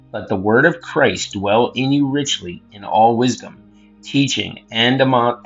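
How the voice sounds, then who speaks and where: A man with a fairly low, husky voice reads scripture aloud in a measured, earnest way, breaking off for casual asides to his listeners. The recording sounds dull and lo-fi, with faint music underneath. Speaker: host and scripture reader. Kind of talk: scripture reading and word study.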